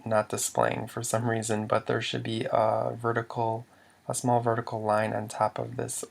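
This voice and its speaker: Brief: male language teacher with a mid-pitched voice and vocal fry, talking over slides in a measured way with frequent restarts. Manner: measured, stops to restart words, asks then answers questions. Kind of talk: narrated slide lesson.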